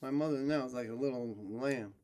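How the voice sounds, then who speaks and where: A man's voice: mid-range voice, fairly even intonation, brisk, mellow. Blunt New man in his forties. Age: 40s. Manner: blunt, streetwise, swears freely. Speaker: guest actor. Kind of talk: casual podcast chat.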